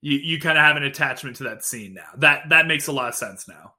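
A man co-hosting a podcast, calmly steering the group toward compromise in casual chat. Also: a little high, brisk. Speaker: podcast co-host.

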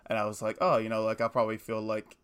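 A young man in his twenties co-hosts a casual podcast chat, his lowish voice level in tone, a bit bright and smooth. He tells stories fast and in a rambling way, correcting himself often.

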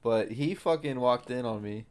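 A man's voice: medium pitch, moderate pace, darkish tone, clean tone. A young man co-hosting a casual podcast, laid-back, giving short replies and swearing casually. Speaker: podcast co-host. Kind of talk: casual chat.

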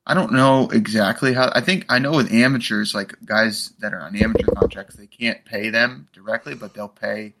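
A man's voice: lowish voice, normal speed, hardly any pauses, noisy background. A man co-hosting a casual podcast, dry and teasing, swearing freely. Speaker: podcast co-host.

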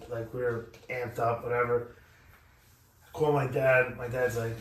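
A man in casual podcast chat, telling stories in an animated, profane way. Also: mid-range voice, moderate pace. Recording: echoey room, mic at a distance.

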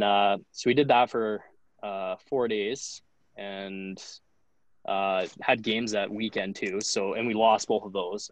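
A hockey goalie in his twenties, guesting on a podcast, spins a loose, profane story full of "like" in a voice on the low side. There's no room sound, and the audio quality is poor.

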